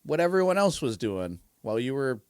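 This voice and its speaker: A man's voice: medium pitch, fairly quick, clear, resonant tone, no echo. Man, podcast co-host, casual movie chat, laughs a lot, dry close sound. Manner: laughs often, animated storytelling.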